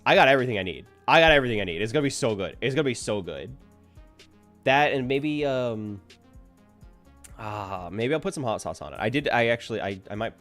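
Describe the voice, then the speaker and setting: A man chatting casually to his viewers at the end of a stream, rambling and self-deprecating. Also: fairly low pitch.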